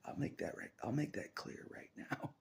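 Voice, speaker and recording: A man's voice: normal speed, a little hiss or hum. A man talking on his own about faith, half-whispering and laughing often as he rambles in a restless, searching way. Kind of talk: rambling spiritual monologue.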